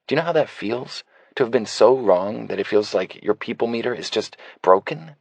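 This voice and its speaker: A man's voice: lowish voice, lively intonation, normal speed, creaky, dry recording, pitched above the performer's own voice. A man reading an audiobook voicing a sassy, teasing young woman bartender. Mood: frustrated. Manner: teasing, exasperated. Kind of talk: audiobook character voice.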